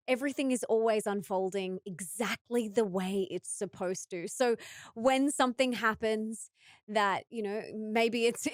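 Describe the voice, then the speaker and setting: A woman's voice: fairly high pitch, no echo, studio quality. A woman with an Australian accent hosting an interview, responding enthusiastically. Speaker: host. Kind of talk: conversational interview.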